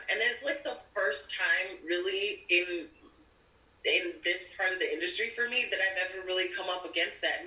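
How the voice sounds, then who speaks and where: Casting: woman actor, bright voice pitched a bit low, guest on a podcast, recorded from a distance in an echoey room. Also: moderate pace. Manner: animated, acts out quoted people. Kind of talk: casual storytelling chat. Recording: roomy audio from a distant mic.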